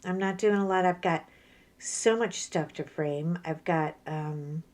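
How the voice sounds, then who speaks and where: A middle-aged woman talks casually over her crafting, a storyteller who slips into other people's voices to act out what they said. Her voice sits a little low for a woman. She sounds sore after a workout. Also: unhurried. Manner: chatty storyteller, animated, acts out quoted voices. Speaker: crafting vlogger. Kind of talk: casual chat while crafting.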